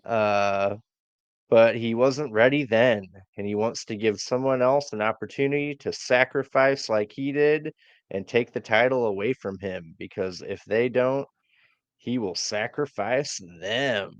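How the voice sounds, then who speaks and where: A man recaps wrestling matches slowly, stopping often with fillers, his voice smooth and clear. The audio is dry but a little dull and muffled. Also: mid-range voice, no room sound. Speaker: podcast co-host.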